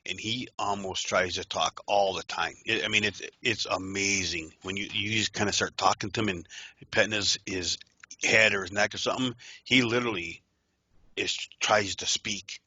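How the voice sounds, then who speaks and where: A man's voice: lowish voice, moderate pace, pushed and bright, husky, no room sound. A man co-hosting a casual talk show, earnest and agreeable, repeating words as he works toward his point. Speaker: podcast co-host. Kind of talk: casual chat.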